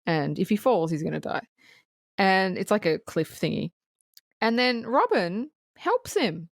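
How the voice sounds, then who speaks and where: A woman co-hosting a casual movie-review podcast, recapping the plot in an animated way with frequent swearing and laughter. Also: medium pitch, a little slow, vocal fry, no echo, studio quality. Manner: animated storytelling, swears freely, laughs often. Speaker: podcast co-host.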